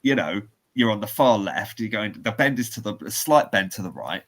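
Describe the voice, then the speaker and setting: A man's voice: lowish voice, expressive, a little fast, fairly bright tone. A man, co-hosting a podcast and telling a rambling story with laughs and restarts. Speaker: podcast co-host. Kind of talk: casual chat, storytelling.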